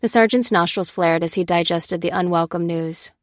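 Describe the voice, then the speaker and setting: A woman narrating a work of fiction in a steady storytelling voice. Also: on the low side, normal speed, hardly any pauses, no echo, studio quality. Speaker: audiobook narrator.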